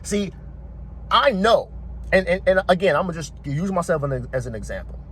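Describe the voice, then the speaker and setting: A man's voice: fairly high pitch, lively intonation, fairly quick. A man with a slightly raised voice lectures hard, swearing freely and hammering home his points. He sounds like he's in his thirties, and faint noise sits under the recording. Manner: profane, forceful, preachy. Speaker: commentator. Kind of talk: blunt motivational rant to camera.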